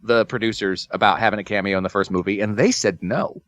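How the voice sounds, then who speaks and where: A man co-hosting a podcast in casual comedic chat, joking and cursing and drifting into quick tangents. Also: on the low side, a bit bright, dry recording. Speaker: podcast co-host.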